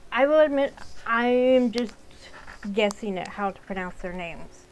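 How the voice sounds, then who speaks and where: Lady reading a visual novel out loud, chatty asides, bit of hiss. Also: fairly high pitch, lively intonation, measured pace, low-quality recording. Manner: casual asides while narrating. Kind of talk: let's-play reading and commentary.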